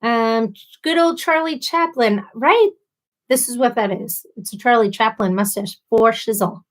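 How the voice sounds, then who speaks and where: A woman's voice: fairly high pitch, unhurried. A woman hosting a casual live stream, reading viewer comments aloud and answering them with sympathy and playful asides. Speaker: livestream host.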